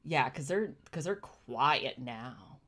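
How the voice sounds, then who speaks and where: A young woman talks through a live stream in a low voice. She takes her time and explains what she sees carefully. Her feelings come through openly, and she sounds close to tears. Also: expressive, slow pace, a bit bright, husky. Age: young adult. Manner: emotional, gushing, often near tears; thoughtful, explaining in plain terms. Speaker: streamer reacting to chimp videos. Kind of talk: casual live-stream commentary.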